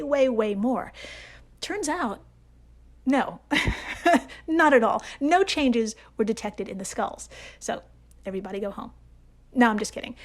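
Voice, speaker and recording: A woman hosts a comedic science podcast. She talks in a fairly high voice and delivers facts with playful, jokey asides. Her emphasis swoops up and down for comic effect. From United States. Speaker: podcast host.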